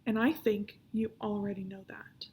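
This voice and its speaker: A woman's voice: mid-range voice, fairly even intonation, normal speed, a little mellow, breathy edge, natural voice, poor audio. A woman voicing a cheeky young boy who works as a hotel lost-and-founder, speaking in a mock-solemn way in a storybook reading.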